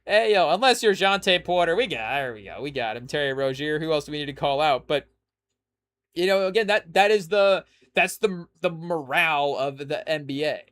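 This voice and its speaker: Rambling man with a higher voice. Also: lively intonation, moderate pace, fairly bright tone. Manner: rambling, full of "you know" and "hey, yo" asides. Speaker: podcast host. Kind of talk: casual sports podcast monologue.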